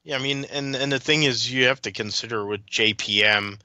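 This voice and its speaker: A man's voice: medium pitch, brisk, sharp tone, no echo. A man as a podcast guest, rambling through detailed motorsport recollections with frequent restarts in casual chat.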